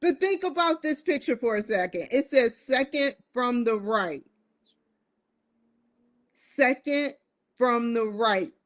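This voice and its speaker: Talking to her camera in a laid-back monologue, a woman muses and throws rhetorical questions at her audience. Her voice sits fairly high with lively intonation, and she goes slowly with frequent pauses.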